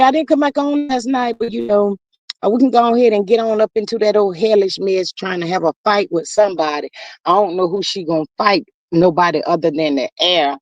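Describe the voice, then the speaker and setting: A woman's voice: medium pitch, no echo, dull audio. A woman hosting a casual live stream, chatty and saying "y'all" a lot. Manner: chatty, reads viewer comments aloud, says "y'all" often. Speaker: livestream host.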